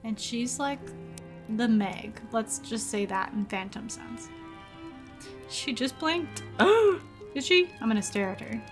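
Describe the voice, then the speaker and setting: A woman's voice: fairly high pitch, unhurried, faint music behind. A young woman streaming a story game, reading its text aloud and reacting with frequent laughs in casual commentary.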